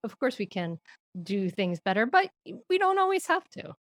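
A woman's voice: on the high side, big pitch swings, normal speed, dry recording, clean studio sound. Earnest woman explaining parenting ideas. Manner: earnest, explanatory, laughs now and then. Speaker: guest, parenting expert. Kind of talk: podcast interview.

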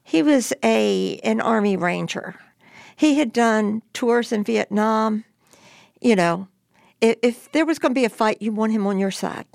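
Gravelly-voiced older woman telling a story. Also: fairly high pitch, measured pace, no room sound, clean studio sound. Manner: lively, animated retelling with acted-out quotes. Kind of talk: personal story told to an interviewer.

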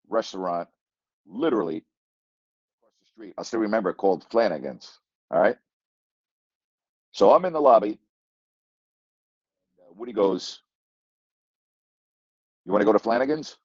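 A man's voice: low voice, darkish tone, husky, no room sound. An older man, a sports broadcaster, telling a story in a rambling way, repeating phrases and chuckling mid-sentence. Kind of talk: casual storytelling monologue. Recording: dull lo-fi, dry sound.

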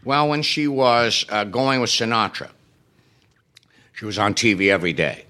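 Wry storytelling man, bright voice. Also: on the low side, expressive, moderate pace. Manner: wry, self-deprecating comic timing. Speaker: interview guest, musician. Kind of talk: anecdotal interview storytelling.

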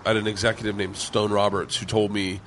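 A man's voice: on the low side, level tone, quick pace, crowd noise. A man, a comedian guest, telling stories in a laid-back, rambling and profane way in a cigar lounge. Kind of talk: casual storytelling chat. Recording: noisy lounge background.

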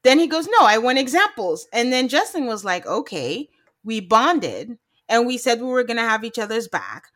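A woman's voice: fairly high pitch, sing-song, normal speed, a bit bright. A woman co-hosting a podcast, recapping a reality show in casual chat, laughing often and acting out quotes. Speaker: podcast co-host.

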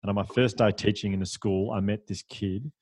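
A man who is a podcast guest, telling stories in a lively, chatty, self-deprecating way. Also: on the low side, fairly quick, husky, dry recording. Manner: animated, chatty, self-deprecating, with fillers and laughs. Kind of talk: conversational storytelling.

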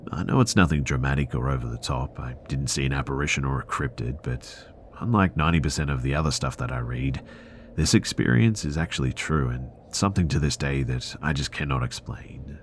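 Very deep-voiced man narrating horror stories. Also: a little hiss or hum. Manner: measured, earnest storytelling. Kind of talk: scripted narration of listener stories.

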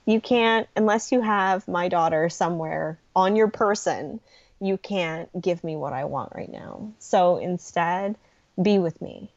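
A middle-aged woman, a guest on a podcast, speaking earnestly and gently about grief support, with frequent pauses and ums. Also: lowish voice, no room sound, lo-fi sound. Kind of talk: podcast interview conversation.

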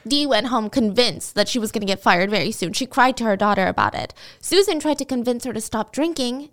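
A woman's voice: a little high, fairly quick, a bit bright. A woman hosting a podcast, telling a true-crime story in a casual, chatty way with dramatic asides.

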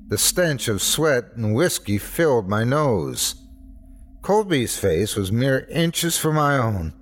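A man's voice: lowish voice, husky. A man hosting and narrating a scripted horror story in a tense, dramatic first-person telling. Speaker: host and narrator.

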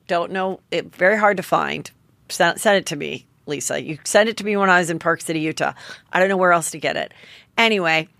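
A woman's voice: on the low side, no echo. A woman podcast host giving a chatty, gossipy recap of reality TV, acting out what people said. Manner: chatty, animated, acts out quotes.

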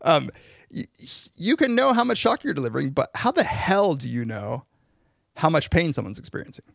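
A man's voice: on the high side, big pitch swings, a little fast, vocal fry, dry recording, clean studio sound. A man co-hosting a podcast, explaining social psychology research in casual academic chat, with frequent "like"s and restarts.

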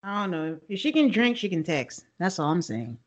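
A woman's voice: on the low side, very animated, moderate pace, highs cut off. A woman co-hosting a podcast in casual chat, giving frank opinions and laughing easily. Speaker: podcast co-host.

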